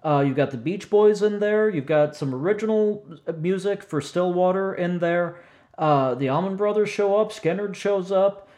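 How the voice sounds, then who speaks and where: Man, forties, slightly high-pitched, chatty, laughs a lot, casual podcast talk. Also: moderate pace, darkish tone. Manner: chatty, self-correcting, laughs often. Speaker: podcast co-host. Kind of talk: casual chat about music.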